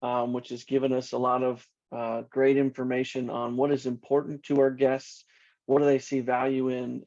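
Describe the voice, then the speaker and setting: Earnest executive man, flat voice, dull audio. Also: medium pitch. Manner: earnest, measured, repeats words when starting. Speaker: franchise company executive. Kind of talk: interview answers.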